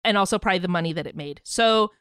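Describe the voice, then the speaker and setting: A woman co-hosting a music podcast in casual chat, laughing often and halting with fillers. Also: fairly low pitch, fairly bright tone, smooth, no room sound. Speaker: podcast co-host.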